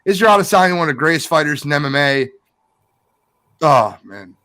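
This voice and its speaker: A man's voice: on the high side, racing, sharp tone. A man co-hosting a sports podcast, ranting in an exasperated, emphatic way. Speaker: podcast co-host. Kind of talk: heated sports podcast talk.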